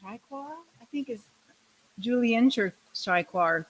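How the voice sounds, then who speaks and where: A woman's voice: a little high, lively intonation, takes it slowly, low-quality recording. A woman in casual podcast chat, chatty and giggly, admiring the production work.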